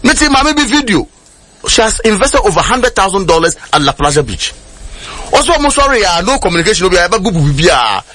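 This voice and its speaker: A man's voice: high-pitched, sing-song, fast, sharp tone. A man with a Ghanaian accent, an outspoken political commentator on a radio panel, talking emphatically and switching between Twi and English.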